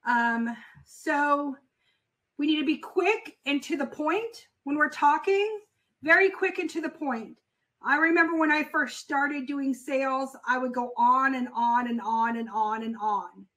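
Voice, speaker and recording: A woman's voice: high-pitched, unhurried, a bit bright, low-quality recording. A woman teaching a casual sales lesson, talking straight to her class and repeating her main points with plenty of fillers. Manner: instructive and repetitive, with fillers; conversational, addresses the class directly. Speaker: sales coach for freight brokers.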